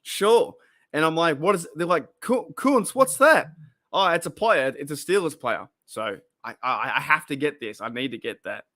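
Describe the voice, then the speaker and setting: A man's voice: on the high side, expressive, normal speed, bright, forceful tone. A man hosting a casual live stream, chatting and reacting to viewer comments, often repeating himself and exclaiming. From Australia. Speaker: podcast host reading live chat.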